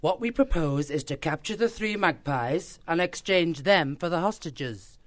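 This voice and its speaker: Firm badger leader, slightly high, dry. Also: male voice, animated, unhurried, dry recording. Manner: firm and commanding. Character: commanding badger, organiser. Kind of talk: full-cast audiobook acting.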